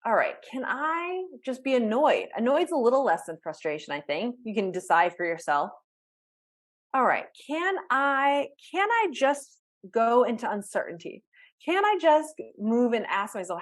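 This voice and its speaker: A woman's voice: on the high side, big pitch swings, normal speed. A woman leading a live online workshop as a life coach, speaking conversationally and talking through examples of self-talk with frequent restarts.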